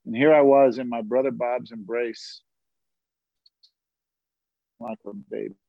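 A man with a gravelly, creaky voice tells a personal faith testimony in an earnest storytelling way. The recording is dull and muffled, close and dry with no room echo. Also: medium pitch, a little slow. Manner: earnest storytelling with laughs and asides.

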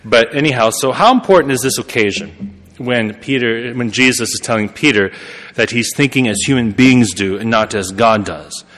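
Male preacher, conversational sermon, mid pitch, long church reverb. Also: moderate pace, a bit bright. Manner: conversational, self-correcting, laughs at himself.

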